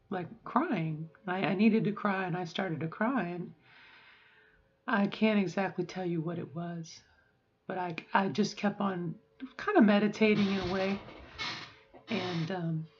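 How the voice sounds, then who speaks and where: A middle-aged woman recording a personal video diary at home. She speaks in a reflective, halting way with many fillers and restarts, and her voice sounds strained and sore. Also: fairly low pitch, breathy edge, lo-fi sound. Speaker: vlogger.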